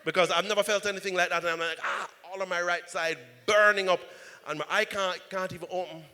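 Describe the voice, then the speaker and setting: A male pastor telling a story in an animated sermon, often checking in with "right?". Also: high-pitched, fast. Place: church. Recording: reverberant church hall.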